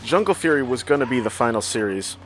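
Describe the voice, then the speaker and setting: A man's voice: medium pitch, animated, fast. A man giving casual, chatty watch-along commentary, drifting through trivia. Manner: chatty, digressive, trivia-filled. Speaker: show reviewer.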